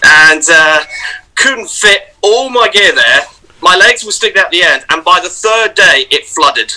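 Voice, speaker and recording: A man who is an actor, telling festival stories in a casual podcast chat with lively, swearing anecdotes. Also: high voice, a little slow, low-quality recording. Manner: animated storyteller, swears, acts out loud voices in anecdotes. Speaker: guest, actor and vlogger.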